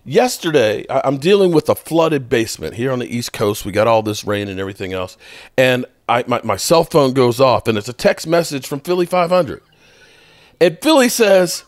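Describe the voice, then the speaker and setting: Teasing, lively-voiced man. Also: mid-range voice, moderate pace, dry recording, studio quality. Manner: teasing, amused. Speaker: panelist. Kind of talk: sports talk chat.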